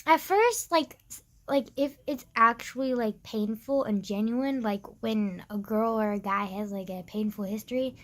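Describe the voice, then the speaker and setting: A woman's voice: on the high side, moderate pace. A young woman ranting casually into the camera, exasperated and sarcastic, filling her speech with "like" and the odd swear. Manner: mocks others in exaggerated put-on voices. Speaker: vlogger. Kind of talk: casual rant.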